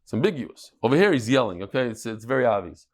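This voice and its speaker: A man, teaching a daily Talmud class in a lively, joking way, acting out the quotes he reads. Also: mid-range voice, quick pace.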